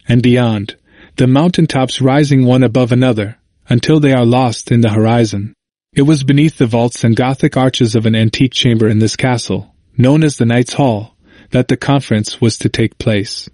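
A man reading a history book aloud in steady, measured scripted narration, lifting his voice for quoted speeches. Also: mid-range voice, no room sound. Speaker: audiobook reader.

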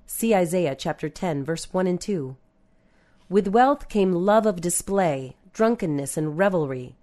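Woman reading a religious book aloud. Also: animated. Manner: measured, reads scripture references in a lower, softer voice. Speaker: reader. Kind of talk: scripted narration of a religious book.

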